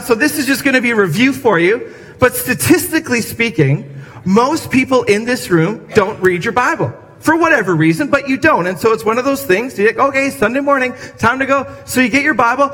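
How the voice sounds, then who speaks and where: Man, pastor, sermon, very high voice, conversational, acts out voices, long church reverb. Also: sharp tone, breathy edge. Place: church sanctuary.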